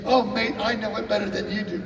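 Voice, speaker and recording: A man's voice: sits high, steady tone, brisk, slight background noise. A man voicing a cocky young British male drummer who talks in a breezy, overconfident way and keeps saying "mate," heard from far off in an echoey hall. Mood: brash.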